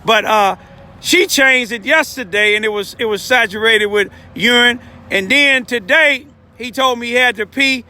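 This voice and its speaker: This older man preaches informally on a cold urban street, a self-styled layman whose emotional testimony wanders through repeated asides. The voice is very high and sharp, moving at a normal speed.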